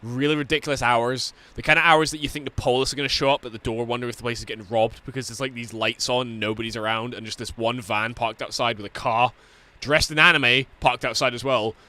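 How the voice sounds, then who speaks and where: A man's voice: medium pitch, steady tone, quick pace, bright, forceful tone. A Scottish man streaming a game, telling stories in casual chat, swearing constantly and laughing through them.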